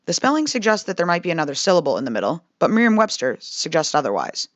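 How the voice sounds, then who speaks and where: A woman's voice: fairly low pitch, sing-song, fast, no echo. A young woman with a Midwestern American accent, reading a scripted narration in a wry, conversational way. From Midwestern United States. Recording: slightly dull, dry voice-over.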